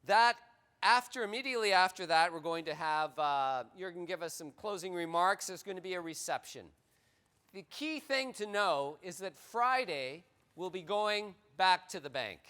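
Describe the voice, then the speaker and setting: A man with a high, bright voice gives announcements from the front of a conference session room. His tone is clean and clear, and his delivery is chatty and joking, often restarting a sentence before carrying on. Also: expressive, normal speed. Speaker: workshop moderator. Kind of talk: announcements to a live audience.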